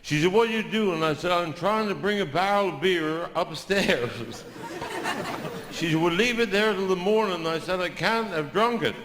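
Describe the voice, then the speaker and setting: An older man with a Cornish accent telling stand-up stories, with dry deadpan asides after each punchline. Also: high voice, normal speed, a little hiss or hum. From Cornwall. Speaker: stand-up comedian. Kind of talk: stand-up storytelling. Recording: live show in a large hall with audience laughter.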